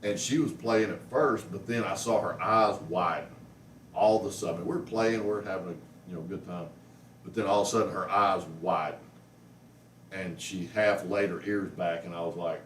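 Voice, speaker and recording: A man's voice: low voice, moderate pace. A man tells a rambling story at home and coos at his cat in a casual vlog. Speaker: pet vlogger. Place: living room at home. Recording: roomy, mic at a distance, faint noise.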